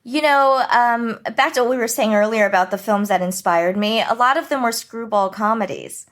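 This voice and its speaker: A woman film director in an interview, telling family stories in a lively way, laughing and acting out scenes. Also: fairly high pitch, normal speed. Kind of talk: animated interview storytelling.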